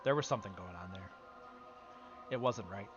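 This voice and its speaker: A game streamer with a lowish voice chats casually at a moderate pace during a livestream, rambling and answering his chat. The recording is muffled, with music in the background.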